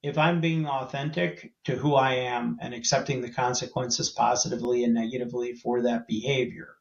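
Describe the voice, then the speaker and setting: Roomy, slightly dull recording of an animated man. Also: mid-range voice, brisk, creaky. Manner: animated storyteller, acts out quoted voices. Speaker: CEO guest. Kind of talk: casual interview storytelling.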